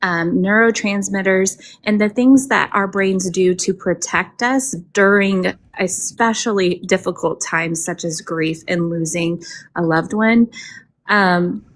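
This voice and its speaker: A woman hosting a live call-in show, answering a caller in a gentle, measured, explaining way. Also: medium pitch, slight background noise. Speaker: host.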